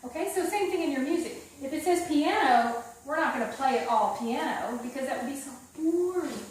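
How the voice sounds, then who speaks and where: A woman's voice: high-pitched, lively intonation, fairly quick. A woman giving a one-on-one piano lesson, singing counts aloud and coaxing her pupil along with frequent check-ins. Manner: sings counts and rhythms aloud while explaining; upbeat and coaxing, checks in with "okay?". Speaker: piano teacher. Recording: echoey room, far from the mic. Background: piano playing.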